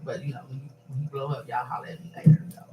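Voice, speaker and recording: A man hosts a casual talk show, rambling and emphatic in an upbeat way, speaking rapid-fire at medium pitch with a level tone. The room is echoey with faint noise.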